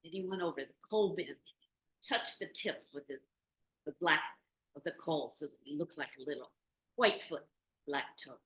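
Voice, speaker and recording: A woman storyteller telling a folk tale to a small group in a meeting room, lively and asking the audience questions. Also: low-pitched, normal speed, pauses often. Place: meeting room in a community venue. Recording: roomy meeting-room recording.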